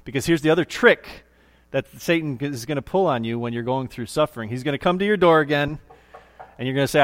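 A man's voice: fairly high pitch, fast talker. Emphatic preaching man. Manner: emphatic, repeats key phrases, rises for emphasis. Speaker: pastor. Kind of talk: sermon.

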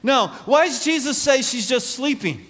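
A man's voice: extremely high pitch, lively intonation, moderate pace, a bit bright, husky. A man preaching a conversational sermon as a pastor, acting out voices from the Bible story. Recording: long hall reverb.

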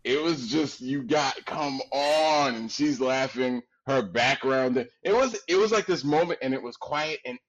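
Deep-voiced animated man from Queens. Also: a little slow, few pauses, dull audio. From Queens, New York. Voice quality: deep resonant voice. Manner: animated, laughs often, casual slang. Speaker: podcast guest, actor. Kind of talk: casual storytelling chat.

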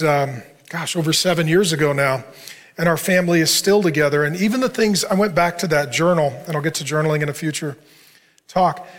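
Male pastor, middle-aged, slightly higher voice, relaxed conversational sermon delivery, earnest. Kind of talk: sermon to a men's group.

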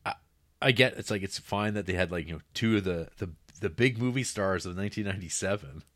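A man's voice: low voice, quick pace, a bit bright, dry recording. A man co-hosting a podcast in casual chat, hesitant, restarting often, with dry humor. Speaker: podcast co-host.

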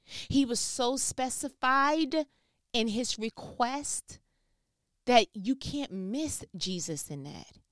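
A woman giving a casual Bible reflection, playful and slangy, acting out people's prayers and God's replies in quick back-and-forth. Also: on the high side, expressive, no room sound, clean studio sound. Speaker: Bible teacher.

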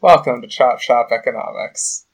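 A man hosting a podcast who breaks into excitable, filler-heavy rants in casual comedic chat. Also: mid-range voice, normal speed, slight background noise. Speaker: podcast host.

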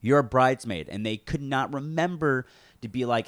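A man telling a story in a casual podcast chat, animated and swearing, acting out what others said. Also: medium pitch, normal speed, no echo. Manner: animated, swearing, acts out quotes. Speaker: podcast co-host.

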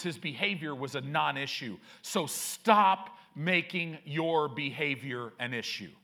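A man preaching a sermon as pastor, reading scripture aloud with slow, emphatic phrasing. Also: high voice, pushed and bright.

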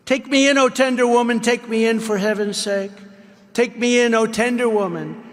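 A man's voice: very high voice, fairly even intonation, moderate pace, voice pushed up. A man reading out a vicious, sly snake's lines in a sing-song pleading refrain at a rally. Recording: reverberant hall.

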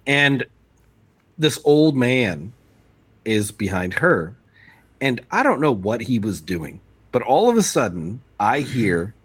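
A man co-hosting a casual podcast who tells stories with a lot of expression, playing out each person he describes. His pitch swings widely as he talks. The sound is dry and close. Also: slow, slightly rough, no echo. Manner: animated storyteller, acts out the people in his stories. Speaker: podcast co-host. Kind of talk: casual storytelling.

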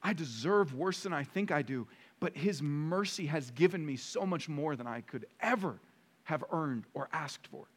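A man preaching a sermon as pastor, emphatic and full of rhetorical questions, moving between quiet stretches and loud bursts. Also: on the high side, expressive, normal speed.

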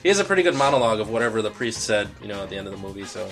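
Fast-talking man hosting a podcast. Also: lowish voice, very animated, fairly bright tone, faint music behind. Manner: rambling, many ums and restarts. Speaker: podcast host. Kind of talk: casual chat.

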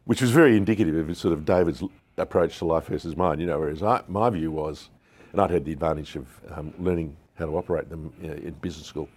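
A very deep, darkish male voice with a breathy edge, talking fast and barely pausing. He's an Australian business founder in his sixties, a guest on a storytelling interview, sharing candid anecdotes and acting out what people said to him.

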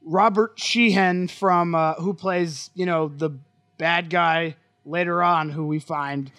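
A man with a bright, fairly high voice sums up a movie's scenes with wry amusement, chatting on a podcast. The sound is dry and close to the mic. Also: steady tone, slow pace, smooth, no echo. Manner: wry, amused, recounting scenes with mock quotes. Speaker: podcast co-host. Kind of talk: casual movie-review chat.

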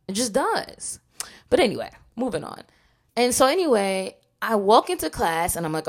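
Low-voiced woman telling a lively story. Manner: animated storytelling, acts out quotes. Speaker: podcast co-host. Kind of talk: casual chat.

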